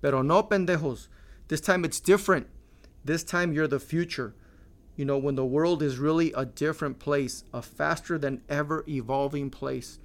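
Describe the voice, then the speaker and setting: A man's voice: a little high, normal speed. A man in his forties hosting a casual solo podcast, joking and swearing freely, dropping in Spanish words. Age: 40s. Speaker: podcast host.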